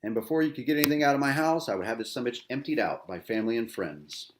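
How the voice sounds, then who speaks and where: A man's voice: mid-range voice, animated, quick pace, slight background noise. Angry, profane veteran man ranting. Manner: bitter, profane, repetitive, with rhetorical tags. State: agitated, angry. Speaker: veteran podcast host. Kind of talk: angry personal rant.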